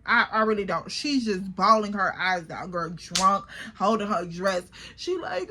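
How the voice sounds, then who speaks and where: A young woman telling a storytime to her viewers in a casual, animated way, acting out her friends' lines. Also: mid-range voice, a little slow, few pauses. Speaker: storytime vlogger.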